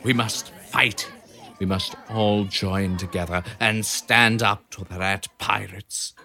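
A man's voice: on the low side, steady tone, takes it slowly, vocal fry, bright, forceful tone, exaggerated voice. A man voicing a brave male hamster who rallies a crowd of mice to fight. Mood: rousing. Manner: rousing, determined speech-making.

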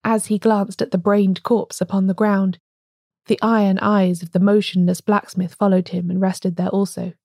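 A woman reads a classic story aloud in a steady, measured way. Her voice is warm and mellow, at a middle pitch. The recording is dry and close, with no room sound. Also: no room sound. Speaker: audiobook narrator. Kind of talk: scripted narration.

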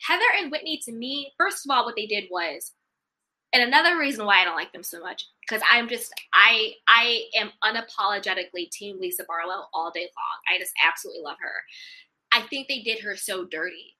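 Bright, sassy woman dishing gossip. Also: mid-range voice, brisk. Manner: animated, sassy, emphatic. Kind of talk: casual reality-TV gossip chat.

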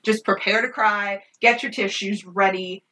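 A woman co-hosting a casual film review podcast, animated and swearing freely. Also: mid-range voice, measured pace, far from the mic, a little hiss or hum. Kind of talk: casual chat.

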